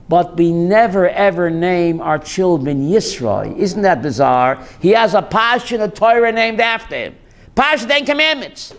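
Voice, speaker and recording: Rabbi guy teaching torah class, high voice, swoops all over, cracks jokes at the crowd. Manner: joking, quizzes the audience. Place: class with a live audience.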